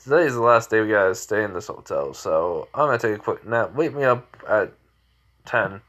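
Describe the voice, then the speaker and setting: A man's voice: fairly low pitch, expressive, moderate pace, a bit bright. A man voicing a drunk older male sage who stammers and dodges questions.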